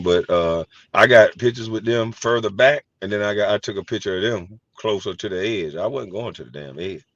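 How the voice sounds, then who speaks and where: A low-voiced man telling funny stories. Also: no room sound. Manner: animated storytelling, profane, laughs easily. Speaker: host. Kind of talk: casual chat. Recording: dry, slightly dull sound.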